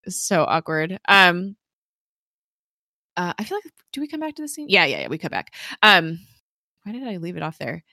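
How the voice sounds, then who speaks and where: A young woman casually recapping a TV episode, chatty and giggly, quoting the characters in quick voices. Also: medium pitch, sing-song, bright, forceful tone, no room sound, studio quality. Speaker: podcast co-host recapping a TV episode. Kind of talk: casual chat.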